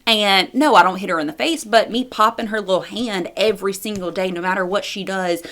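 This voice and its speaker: A woman's voice: medium pitch, brisk, a bit bright. A young adult woman giving a personal testimony and encouragement in an earnest, conversational way, with fillers and repeated phrases. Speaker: speaker in a women's ministry video.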